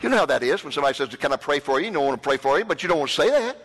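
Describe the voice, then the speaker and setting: Animated Texan man telling a story. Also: a little high, racing, breathy edge, big-room sound, poor audio. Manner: animated, dramatic storytelling with acted dialogue. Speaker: TV ministry host. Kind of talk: personal testimony storytelling.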